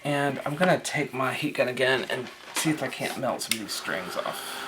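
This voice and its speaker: A man's voice: medium pitch, moderate pace, noisy background. A man talking casually through a craft tutorial, rambling with lots of fillers and restarts.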